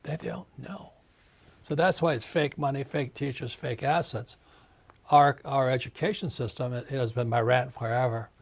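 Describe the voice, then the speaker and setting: This author, a man in his seventies appearing as an interview guest, has a mid-range voice with fairly even intonation and a moderate pace. He rants emphatically and acts out quoted voices.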